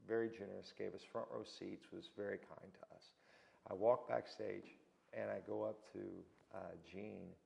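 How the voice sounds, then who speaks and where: A man with a lowish, gravelly voice tells stories as a guest in a casual interview. He's an animated anecdote teller who acts out the people he quotes.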